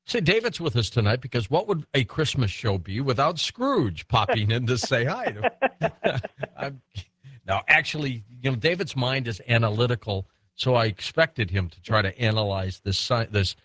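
A man's voice: mid-range voice, lively intonation, moderate pace, a bit bright, no echo. A man hosting a late-night radio talk show, genial and chatty, laughing easily with his guests.

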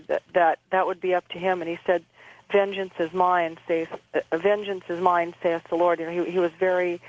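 A woman speaks calmly as an interview guest, halting and repeating her words. Her delivery stays even and flat, with little rise and fall. The sound is muffled, like a phone line. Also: on the low side, dry recording. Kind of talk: recounting a personal experience.

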